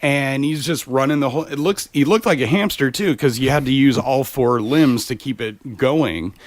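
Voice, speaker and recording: A man's voice: medium pitch, normal speed, dry recording. A man from the United States co-hosting a podcast in casual chat, laughing often and explaining things at length. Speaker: podcast co-host.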